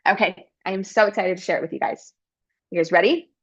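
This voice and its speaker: A woman interpreting for a panelist, telling a story in an expressive, animated way. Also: mid-range voice, quick pace, slightly rough, muffled recording. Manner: animated, expressive, breaks into character voices. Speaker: sign language interpreter voicing a panelist.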